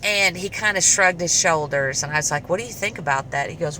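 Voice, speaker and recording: Low-voiced, crisp chatty woman. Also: fairly quick, a little hiss or hum, rough recording. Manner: chatty, animated retelling with quoted dialogue. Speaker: vlogger. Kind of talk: casual storytelling.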